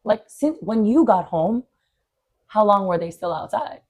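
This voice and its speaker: A woman co-hosting a podcast in casual chat, reacting quickly and joking along. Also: mid-range voice, animated, darkish tone, husky. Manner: chatty, quick reactions and interjections. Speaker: podcast co-host.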